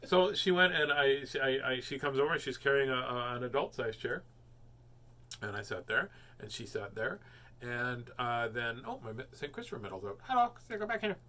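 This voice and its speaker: Brisk and animated, this host's medium-pitched voice is bright and forceful. He reads children's books on a home show, keeping the chat casual, rambling and jokey with plenty of fillers.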